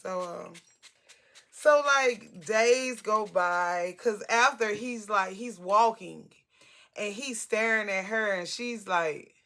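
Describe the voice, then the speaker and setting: A woman in her forties tells a personal story in a casual vlog. Her voice is bright with a gravelly, creaky texture, and she talks in an animated, blunt and talkative way, swearing freely. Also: medium pitch, slow. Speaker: hairstylist telling a story.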